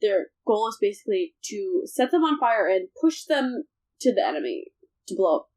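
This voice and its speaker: A young woman hosting a casual history podcast, telling the story in an animated way and mocking the people in it with quoted voices. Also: mid-range voice, normal speed, low-quality recording. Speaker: podcast host.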